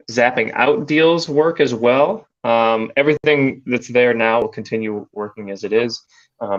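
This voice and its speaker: Mid-pitched man walking through new features, easygoing, slightly muffled line. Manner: easygoing, explanatory, trailing off quietly. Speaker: product team member. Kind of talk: casual product explanation.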